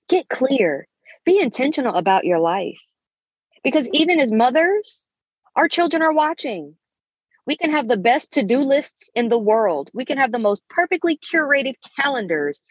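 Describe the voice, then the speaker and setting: A woman's voice: fairly high pitch, breathy edge, no echo, low-quality recording. A woman in her thirties hosting a podcast, giving an emphatic, preachy motivational talk with endearments. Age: 30s. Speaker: podcast host.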